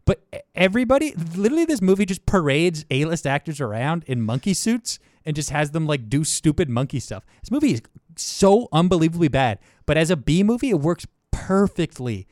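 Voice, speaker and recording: This young man co-hosts a laid-back film review podcast at a fairly quick pace, his mumbled asides giving way to excited, high-pitched bursts. His enthusiasm is animated, and the studio-quality audio has no echo.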